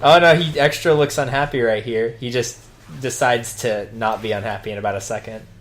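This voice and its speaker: Teasing, animated male let's-play commentator. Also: mid-range voice, brisk. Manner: animated, teasing, bursts into loud excitement. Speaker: game commentator. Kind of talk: casual let's-play chat.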